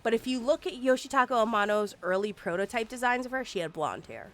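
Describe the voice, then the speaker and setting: A woman's voice: on the high side, lively intonation, fast, a bit bright. A woman in her forties, a game streamer, chatting casually and swearing now and then while she plays. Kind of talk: casual live-stream chat. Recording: faint music behind.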